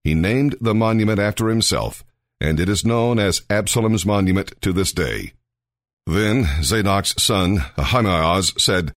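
Deep-voiced man reading scripture. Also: animated, a little slow, dry recording, studio quality. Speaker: scripture reader.

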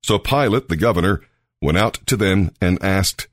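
A man giving a steady, expressive Bible reading as the regular reader, close to the mic. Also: sits low, moderate pace, dry recording. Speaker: scripture reader.

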